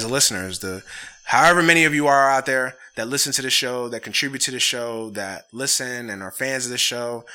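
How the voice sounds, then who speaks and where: Bright-voiced man hosting a podcast. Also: mid-range voice. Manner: profane, heated ranting; sincere, thankful sign-off. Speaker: podcast host. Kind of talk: casual sports podcast chat.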